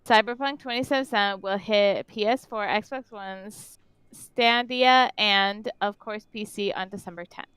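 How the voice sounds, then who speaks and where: Bright, smooth woman reading gaming news. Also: medium pitch, normal speed, no echo, poor audio. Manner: stumbles and trips over words while reading. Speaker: podcast co-host. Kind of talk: casual chat, reading gaming news aloud.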